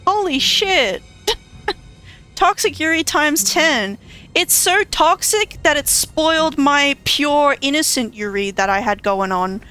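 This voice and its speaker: A woman's voice: sits high, slow pace, sharp tone, soft background music. A woman streaming a story game, reacting in casual, exclamatory commentary with frequent swearing and laughter. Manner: exclamatory and profane, often laughing. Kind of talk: casual let's-play commentary.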